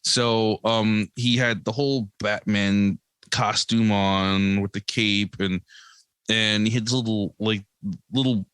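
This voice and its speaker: A man who is a guest on a podcast tells a family story in a casual, animated way, laughing often and acting out what people said. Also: on the low side, slow pace, smooth, no room sound. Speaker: podcast guest, comic creator and single dad.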